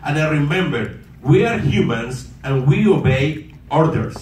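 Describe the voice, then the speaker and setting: A man's voice: a little high, unhurried, slight background noise. Far-off man addressing an echoey room. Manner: animated, asks the audience for answers, broken English. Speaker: motivational speaker at a sales meeting. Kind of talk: motivational talk to an audience.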